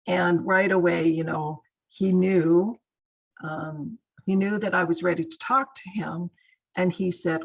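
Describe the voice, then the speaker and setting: Low, steady, and unhurried, this middle-aged woman's voice is gravelly and slightly rough, and the recording is rough too. She's a guest speaker on crisis intervention at a training session over video call, warmly and conversationally telling stories with frequent fillers.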